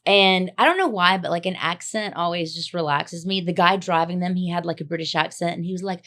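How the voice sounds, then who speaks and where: Lively storytelling woman with a lowish voice. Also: fairly quick, hardly any pauses. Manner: animated storyteller, acts out voices, laughs often. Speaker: podcast co-host. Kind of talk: casual chat.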